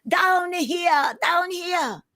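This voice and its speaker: Isunboshi, a woman voicing a tiny boy samurai shouting high. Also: sing-song, gravelly, exaggerated voice. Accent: Hawaiian Pidgin. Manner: high shouting calls, slow proud declarations. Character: tiny brave boy samurai, eager and loud.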